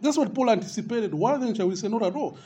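Male preacher giving a sermon, high voice but dark mellow tone, emphatic, keeps saying dear friend. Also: animated, fast talker, muffled recording. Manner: emphatic, rising on questions and repeated phrases; addresses listeners as dear friend.

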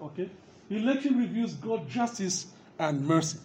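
A man's voice: sits high, sing-song, normal speed, dark tone, slight background noise. A man preaching a sermon, speaking emphatically to his listeners, calling them dear friend and rising on repeated questions.

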